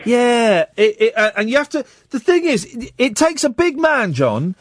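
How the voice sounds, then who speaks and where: A man's voice: very high voice, normal speed, no echo, clean studio sound. A man hosting a radio show, chatting casually in a rambling way with many restarts. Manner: animated, rambling, stumbling restarts. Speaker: radio host.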